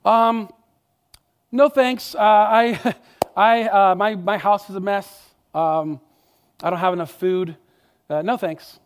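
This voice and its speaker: A man's voice: high voice, steady tone, slow pace, long pauses, clear, resonant tone. A man voicing a flustered, ashamed adult male tax collector who stammers out nervous excuses.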